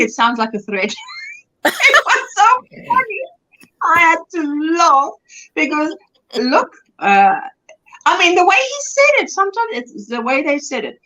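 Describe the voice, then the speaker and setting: Lively chatty woman livestream host. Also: high-pitched, poor audio. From South Africa. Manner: chatty, laughs often, restarts sentences. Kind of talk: casual chat on a crochet livestream.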